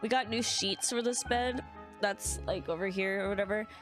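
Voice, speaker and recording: A woman's voice: mid-range voice, fairly even intonation, normal speed, over music. A young woman streamer chatting casually and sleepily while playing a game and reading its lines aloud. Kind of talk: casual let's-play chat.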